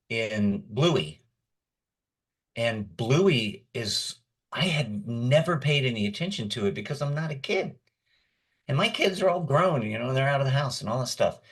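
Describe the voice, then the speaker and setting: A middle-aged man with a husky, slightly rough voice spins rambling anecdotes as a guest on an interview show. His voice sits a bit low, and the talk is relaxed and easy. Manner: rambling storyteller. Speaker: guest voice actor. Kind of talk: casual interview chat.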